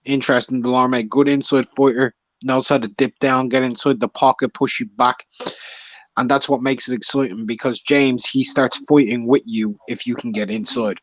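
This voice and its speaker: A man co-hosting a boxing chat, giving measured fight analysis and teasing his partner. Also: medium pitch, steady tone, no room sound.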